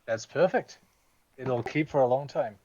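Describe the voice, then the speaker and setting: A man's voice: medium pitch, a little slow, darkish tone. A man playing a tabletop role-play character, polite and hesitant with many ums. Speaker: player. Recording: dull lo-fi audio.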